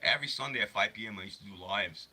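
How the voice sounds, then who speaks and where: A man's voice: on the low side, fast talker, pushed and bright, slightly rough. Rambling man chatting on a livestream. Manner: rambling, swears freely, reads and answers chat. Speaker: livestream host. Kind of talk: casual livestream chat. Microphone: phone.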